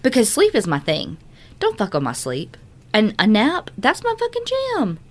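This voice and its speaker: A woman's voice: mid-range voice, wildly swooping pitch, moderate pace. A woman co-hosting a casual podcast, talking emphatically with lots of "like" and heavy swearing. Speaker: podcast co-host. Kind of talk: casual chat.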